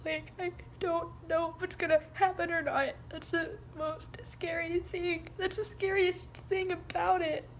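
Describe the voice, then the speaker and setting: A young woman vlogging to her viewers, tearful and halting, her voice breaking as she apologizes. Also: extremely high pitch, little pitch movement, slight background noise. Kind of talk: personal vlog talk to viewers.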